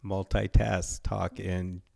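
A man's voice: sits low, little pitch movement, takes it slowly, gravelly, a little mellow. A man co-hosting a podcast, chiming in with short joking remarks in casual chat. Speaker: podcast co-host.

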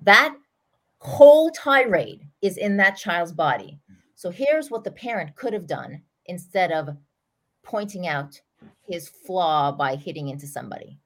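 A middle-aged woman, a parenting coach, talking through an example in an earnest, animated way as a podcast guest. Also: on the low side. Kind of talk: storytelling explanation in an interview.

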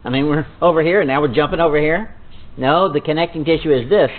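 A man preaching verse by verse, reading scripture in a slow, dramatic way and then explaining it in folksy, chuckling asides. His voice comes through thin and tinny, like a phone line. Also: fairly high pitch. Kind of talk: Bible teaching sermon.

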